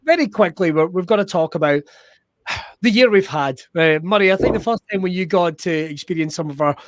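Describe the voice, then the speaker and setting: A Scottish man hosting a podcast with a bright, high voice. He talks like an upbeat showman and cracks jokes. The sound is close and dry. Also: fairly quick, dry recording. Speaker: podcast host. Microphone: remote call.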